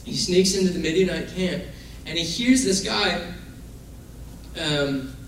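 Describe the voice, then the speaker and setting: A man with a high, somewhat bright voice speaks a little slowly as he preaches a casual, conversational sermon, acting out the people in his stories. The recording sounds very echoey and distant, with faint noise.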